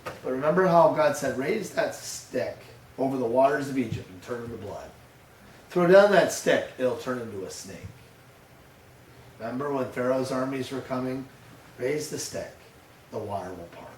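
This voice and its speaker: An older man, a pastor, giving a sermon with lively storytelling, acting out his grandson's voice. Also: mid-range voice, normal speed, pauses often, a little hiss or hum. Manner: storytelling, animated, acts out a toddler's voice. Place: church. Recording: echoey church room heard from a distance.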